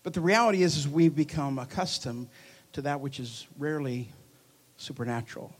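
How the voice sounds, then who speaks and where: Animated male preacher, lively and joking. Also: on the high side, fairly quick. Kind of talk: charismatic sermon. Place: church hall before a congregation.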